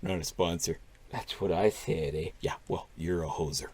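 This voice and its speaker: A man's voice: sits low, normal speed, over loud music, lightly acted. A man voicing a squabbling Canadian beaver crew member with a Canadian accent, bantering and going off script. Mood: bickering. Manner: bickering banter full of "eh".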